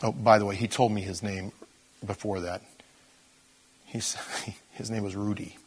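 A man's voice: on the low side, little pitch movement, a little slow, breathy edge. An older man preaching in a conversational, storytelling way, animatedly acting out the people in his stories.

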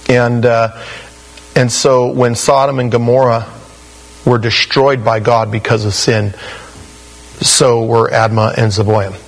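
A man's voice: mid-range voice, flat delivery, slow pace, pauses often, low-quality recording. A male pastor preaching an expository sermon in a conversational, emphatic way, often saying "you know". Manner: conversational and emphatic, with frequent 'you know'.

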